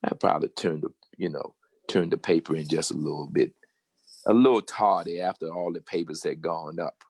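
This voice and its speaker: An older man with a Southern American accent telling a personal story in a casual, animated way and acting out the voices of the people he quotes. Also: deep voice, moderate pace, husky, no echo. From Virginia. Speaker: guest storyteller.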